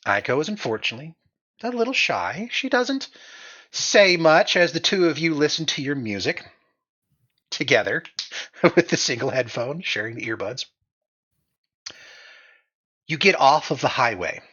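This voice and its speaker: A man running a tabletop game as game master on a live stream, goofy and animated, laughing often, on a slightly dull mic. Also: fairly high pitch, moderate pace, long pauses, husky.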